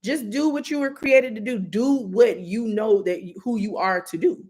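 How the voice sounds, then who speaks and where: A woman's voice: a little high, normal speed, a little mellow. A woman doing a live intuitive reading, giving earnest, direct advice with many asides. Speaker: psychic reader.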